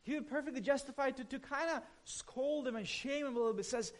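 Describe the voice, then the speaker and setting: A man preaching a sermon in a conversational way, moving between soft, quiet passages and emphatic ones. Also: extremely high pitch, fast talker, hardly any pauses. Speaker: pastor.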